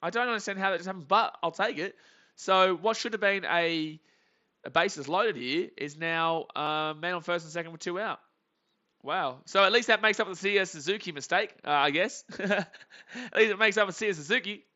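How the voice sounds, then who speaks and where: A man hosting a live game reaction stream, chatty and prone to excited shouts. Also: sits high, moderate pace, lo-fi sound. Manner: chatty, reads chat, bursts into excited shouts.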